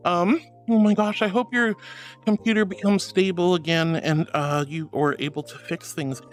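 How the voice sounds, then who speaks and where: A man with a high voice hosts a casual livestream and reads out viewer messages. He gushes and teases, and he calls everyone sweetheart, honey or darling. Soft music plays faintly behind him. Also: steady tone, moderate pace. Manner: gushing and playful. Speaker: streamer.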